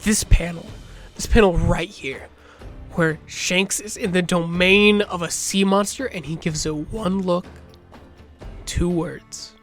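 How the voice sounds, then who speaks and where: A man narrating a video essay in a measured, reflective way, with dramatic pauses. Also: sits high, steady tone, fairly bright tone, soft background music.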